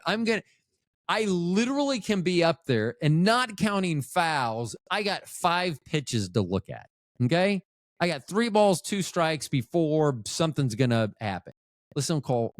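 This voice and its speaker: 50s guy rambling thru his old stories, swears a lot, pitch all over the place, dry close mic. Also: no echo. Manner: rambling, profane, self-mocking. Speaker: podcast host. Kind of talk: casual storytelling monologue.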